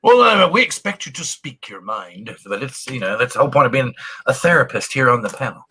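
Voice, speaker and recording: A man's voice: medium pitch, very animated, brisk, bright, forceful tone, breathy edge. A man hosting a casual panel chat over a video call, rambling and laughing often. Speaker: host.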